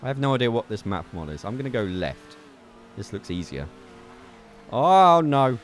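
A young man giving excitable gameplay commentary as a gaming video host, swearing and laughing at his mishaps. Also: on the low side, a little fast, slight background noise. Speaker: gaming YouTuber.

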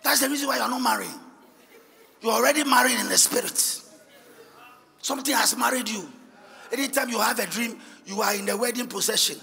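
A high-pitched, gravelly male pastor, preaching a sermon that moves between hushed asides and shouted, sing-song passages. His tone is bright and cutting, and his voice rings through a large church hall with a long reverb. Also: fairly quick, pauses often.

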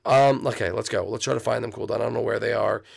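A man giving excitable, teasing commentary over a block-building game as a video host. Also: lowish voice, quick pace, vocal fry, breathy edge. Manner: hyped, teasing, keeps tacking on "baby". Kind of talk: excitable let's-play commentary.

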